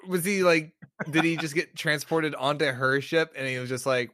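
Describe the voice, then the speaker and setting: A man's voice: a little high, steady tone, normal speed, bright, forceful tone, no room sound, clean studio sound. A man co-hosting a podcast in casual chat, laughing, swearing freely and asking questions. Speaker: podcast co-host.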